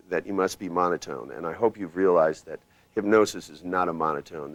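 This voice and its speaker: Low-voiced guy running a hypnosis workshop, blunt, bossy, swears a bit, dry close sound. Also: no echo. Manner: emphatic, commanding, swings pitch and loudness to demonstrate; blunt, casual, occasional swearing. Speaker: hypnosis trainer. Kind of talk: live workshop lecture.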